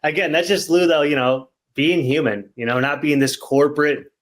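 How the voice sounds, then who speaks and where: A man in casual chat, speaking in a relaxed, reflective way and often giving short agreements. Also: on the high side, moderate pace. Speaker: podcast host.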